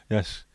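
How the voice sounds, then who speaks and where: A man's voice: darkish tone, dry recording. A man hosting a casual livestream, chatting, swearing freely and reading viewer comments aloud. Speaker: livestream host.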